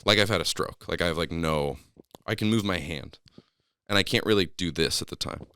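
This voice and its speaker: A man's voice: low-pitched, fairly quick, smooth, dry recording, studio quality. A man casually telling a long story on a podcast, acting out the people in it with raised voices. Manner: animated, acts out quoted people in a raised voice.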